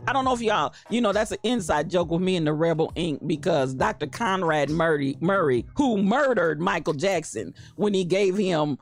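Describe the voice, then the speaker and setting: A woman hosting a casual livestream, greeting viewers by name in a playful, animated way with frequent laughter. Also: on the low side, moderate pace, few pauses. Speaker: livestream host.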